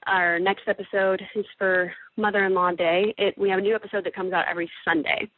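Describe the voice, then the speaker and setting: A woman's voice: medium pitch, little pitch movement, brisk. Chatty young woman on a phone line. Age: young adult. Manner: chatty, lots of "like" and "you know". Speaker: guest voice actress. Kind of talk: casual interview over the phone.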